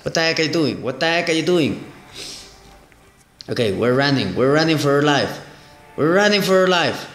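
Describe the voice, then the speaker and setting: A man hosting a gaming channel, commenting excitedly on a mobile game, exclaiming and repeating his phrases. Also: on the high side, normal speed, pauses often, reverberant, soft background music.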